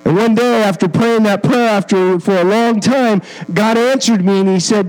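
A man's voice: high-pitched, animated, normal speed, a little mellow, poor audio. A man, a missionary preaching as a guest in a church, telling a personal story with earnest feeling and self-deprecating humor. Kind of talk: storytelling sermon.

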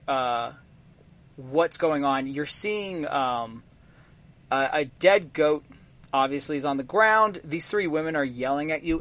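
A man with a somewhat high voice narrates a tabletop game as its game master. He stops often, filling gaps with ums and uhs as he sets each scene. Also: a bit bright. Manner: halting, full of ums and uhs.

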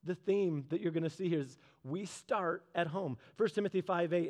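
A man with a darkish tone preaches informally, throwing questions out to the crowd and sinking slow and low on the phrases that matter most.

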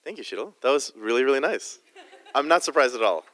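A man's voice: medium pitch, animated, fast, a bit bright, no echo, long reverb tail. Chatty male preacher, very dry sound. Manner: jokey and conversational, with many restarts. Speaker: guest preacher. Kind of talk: sermon.

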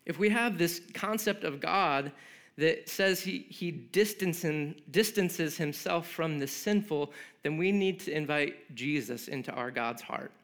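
A man's voice: a little high, a little slow, fairly bright tone. A male pastor preaching a sermon in a conversational way, with joking asides and frequent "like" fillers.

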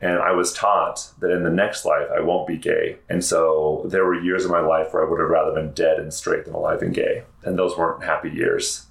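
A man's voice: very deep voice, lively intonation, normal speed, creaky, hardly any pauses, roomy sound. A man guest in an interview, talking earnestly and reflectively about his own life, with frequent restarts. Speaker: podcast guest, therapist. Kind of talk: candid interview conversation.

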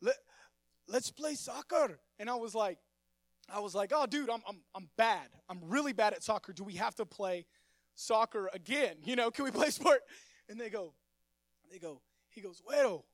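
A young man, his voice sitting unusually high. He stumbles and repeats words as he jokes with the congregation. The stage microphone sounds dry and close. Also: animated, normal speed, no echo. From Texas. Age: 20s. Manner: stammering, repeats words, friendly and joking. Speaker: youth pastor. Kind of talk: sermon with casual storytelling. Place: church.

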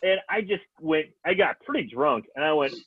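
A man co-hosting a podcast, telling stories in an animated, casual way. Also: fairly high pitch, normal speed, husky, phone-quality sound. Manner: animated storyteller. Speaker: podcast co-host. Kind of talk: casual chat.

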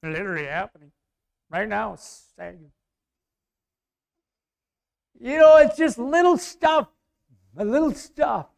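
A man preaches a sermon in a high voice, taking his time with each phrase. He talks to the congregation like he's chatting with them and throws them questions. He drops to soft asides, then rises to loud emphasis. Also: animated, unhurried, creaky, long pauses. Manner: conversational preaching that swings from quiet to loud.

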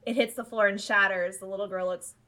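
A woman co-hosts a podcast and earnestly walks through an anime episode, acting out bits of dialogue as she goes. Her voice is mid-pitched and bright. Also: steady tone, fast talker. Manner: earnest, retells scenes with quoted lines. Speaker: podcast co-host. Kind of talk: casual chat recapping an anime episode.

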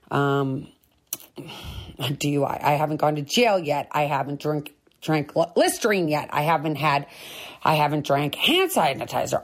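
A middle-aged woman hosting a sobriety talk, speaking in a candid, earnest and encouraging way that repeats its points. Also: low-pitched. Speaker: sobriety podcast host. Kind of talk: candid personal monologue.

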